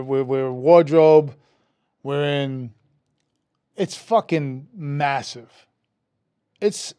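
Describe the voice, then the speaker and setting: A man, a metal musician guest telling an animated, profane story in a casual interview, raising his voice when quoting people. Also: fairly high pitch, dry recording, studio quality. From New York. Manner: animated, profane, acts out quotes with a rising voice.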